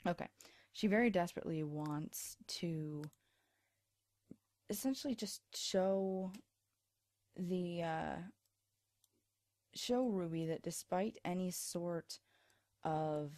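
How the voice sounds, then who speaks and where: A woman's voice: low-pitched, warm tone, dry recording. A woman casually commenting on her life-sim gameplay, tired and chatty, rambling and self-deprecating, recorded on a USB microphone. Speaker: let's play host.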